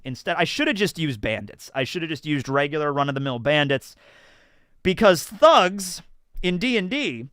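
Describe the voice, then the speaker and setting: A man telling a rambling, animated story about a tabletop game he ran as dungeon master, casually acting out his players' voices on a livestream. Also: high voice, smooth, no echo, studio quality.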